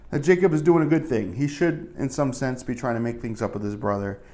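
A man's voice: mid-range voice, brisk, dark tone. A male pastor giving a casual, conversational sermon, full of asides and fillers.

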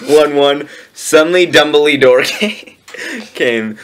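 A man's voice: a little high, slow, a bit bright. A man doing a comedic reading of a badly written fan fiction, with dry joking asides and laughter. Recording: faint background noise.

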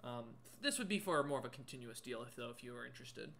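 A man's voice: mid-range voice, animated, fast talker, vocal fry, a bit bright. A man voicing a tall male monster merchant who speaks politely with a lot of hesitation and stammering. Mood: polite, hesitant.

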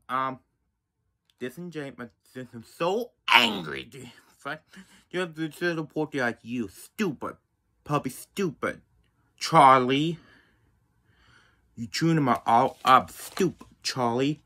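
Grumbling man with a lively bright voice. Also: mid-range voice, slow. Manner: grumbling, swearing, repeats himself. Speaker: vlogger reviewing his puppy. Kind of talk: rambling mock review.

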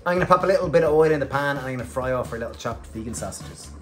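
A man's voice: medium pitch, expressive, very fast, a bit bright. A man talks through a recipe in an upbeat, chatty way as the host of a cooking show. His voice rings a bit in an echoey kitchen, with faint music playing under it. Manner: chatty, upbeat step-by-step narration. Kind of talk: cooking demonstration.

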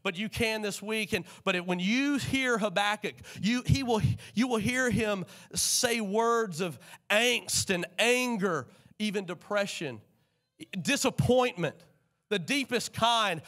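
In a church sanctuary, a male pastor with a high voice preaches a sermon slowly. He is animated and calls out for responses from the congregation.

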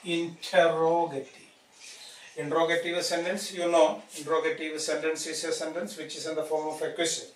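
A man's voice: on the high side, flat delivery, a little fast. A man teaching a grammar lesson, explaining patiently and often adding "isn't it?". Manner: explanatory, repeats tag "isn't it?" and fillers. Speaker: English teacher. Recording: echoey room, distant mic, faint noise.

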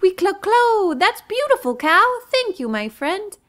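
A woman's voice: very animated, measured pace, fairly bright tone, exaggerated voice. A woman doing a chirpy little guinea fowl. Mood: delighted. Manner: high chirpy clucking. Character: small cheerful female guinea fowl bird.

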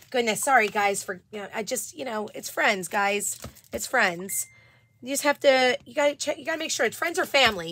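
A woman's voice: a little high, bright, forceful tone, dry recording. A woman hosting a casual live stream and selling crafts. She chats along, greets viewers by name and fills her talk with "um". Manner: chatty, greets viewers by name, many fillers.

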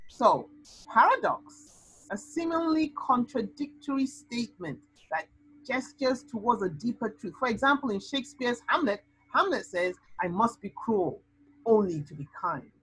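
Husky woman tutoring over a video call. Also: on the high side, measured pace, dry recording, poor audio. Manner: lively, animated explaining with sound-word outbursts. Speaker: SAT tutor. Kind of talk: online tutoring lesson.

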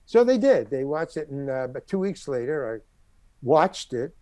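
An older man sits as the guest on an interview show and tells a long story from his working life. He acts out the people in the story as he goes. His voice sits a little high for a man, and the recording is dry and close with no room sound. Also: very animated, normal speed, dark tone, no room sound.

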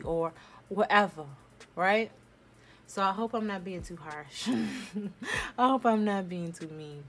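A woman giving a casual tarot reading at home, talking bluntly and forcefully, swearing freely as she addresses viewers directly. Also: mid-range voice, slow pace, pauses often, faint music behind. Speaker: tarot reader. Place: home room.

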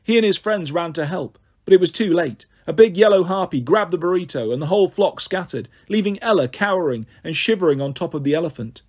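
Husky man reading a storybook aloud. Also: high-pitched, fairly quick, hardly any pauses. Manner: steady, occasionally stumbles on words. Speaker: narrator. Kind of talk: audiobook reading.

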